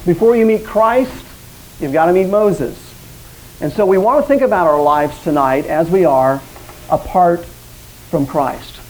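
A man's voice: high-pitched, expressive, moderate pace, darkish tone, a little hiss or hum, rough recording. A man preaching an evening sermon, speaking earnestly and directly to his listeners and acting out quoted lines.

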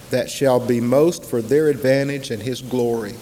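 A man preaching a sermon, slow and emphatic, with dramatic pauses and repetition. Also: mid-range voice, fairly even intonation, warm tone. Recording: long hall reverb, faint hiss.

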